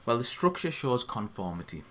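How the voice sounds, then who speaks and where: A man's voice: mid-range voice, a little fast. Man teaching a poem over tinny audio. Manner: steady, methodical teaching with spoken asides. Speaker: English literature tutor. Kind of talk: explaining a poem to students.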